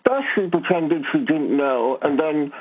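A man answers a radio quiz over the phone, hesitant and stammering as he thinks aloud. His voice is a bit on the high side. The line sounds thin and tinny. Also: expressive, unhurried, husky. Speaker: caller.

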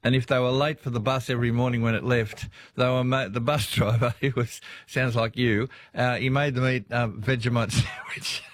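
A man's voice: medium pitch, fairly even intonation, normal speed, few pauses, dry recording. An Australian man hosting a talkback radio show, chatting casually with callers, often laughing as he rambles through stories. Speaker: radio host.

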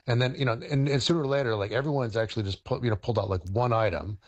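A middle-aged man, a historian and chef, explaining cooking on radio in a halting way, with many fillers and restarts. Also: medium pitch.

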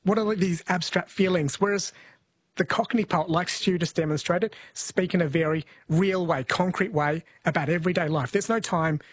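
A man's voice: high voice, moderate pace, dry recording. Earnest man, dry close sound. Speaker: podcast host. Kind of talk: casual chat, explaining.

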